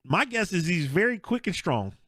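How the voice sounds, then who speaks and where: A podcast co-host with a high voice talks at normal speed in a dry, studio-quality recording. He keeps the sports chat casual, telling animated stories, laughing often, and performing people's quotes.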